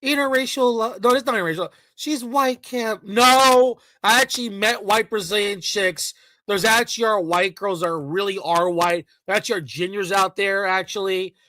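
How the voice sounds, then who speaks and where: A man's voice: high voice, moderate pace, bright, forceful tone, no room sound, rough recording. A man ranting in a heated, profane reaction commentary, full of mocking and sarcastic asides.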